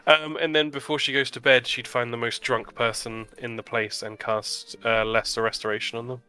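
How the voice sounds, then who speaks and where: A man's voice: medium pitch, little pitch movement, normal speed, bright, forceful tone, smooth, soft background music. A man playing in a tabletop game, describing his character's plans in a thoughtful, hesitant way. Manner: thoughtful, hesitant, many fillers. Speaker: player. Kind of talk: casual tabletop role-play.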